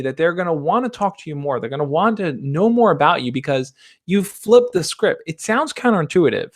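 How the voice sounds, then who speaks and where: A young man hosting a livestream, reading out viewer questions and answering them in a relaxed, reassuring way. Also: fairly high pitch, a little fast. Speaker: dating advice host. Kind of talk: casual livestream chat.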